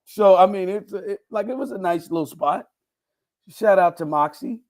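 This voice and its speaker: A man's voice: sits high, normal speed. A man hosting a casual sports podcast, telling stories with playful mock indignation. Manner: animated storytelling, playful indignation. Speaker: podcast host.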